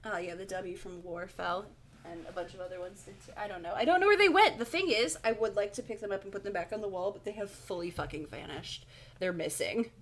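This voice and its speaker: Woman, live-stream storyteller, medium pitch, casual, chatty asides, occasional swearing. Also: fairly quick, slight background noise. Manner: casual, swears, laughs at own slips. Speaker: streamer reading a horror book aloud.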